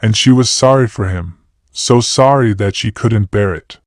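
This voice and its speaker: A man narrating a classic novel as a calm, measured sleep audiobook. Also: fairly low pitch, dry recording, studio quality. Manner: steady, measured reading.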